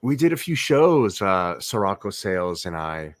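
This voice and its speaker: A man with a very low voice hosts a casual late-night livestream from home. He rambles, repeats himself and keeps asking his viewers whether they agree. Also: big pitch swings, moderate pace, no room sound. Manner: rambling, repeats words, asks viewers questions. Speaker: livestream host.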